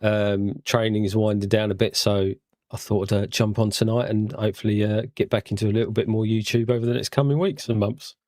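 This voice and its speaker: A man as a guest on a fan chat show, speaking thoughtfully with frequent fillers and pauses. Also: fairly low pitch, fairly even intonation, darkish tone, no echo, studio quality. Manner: thoughtful, halting with fillers, sighs.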